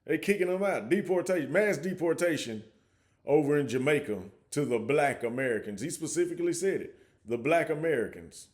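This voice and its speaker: A man hosts a casual reaction commentary in a relaxed, conversational way. His voice sits slightly high for a man. He often stumbles and restarts his words mid-thought. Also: a little fast. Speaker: commentary host.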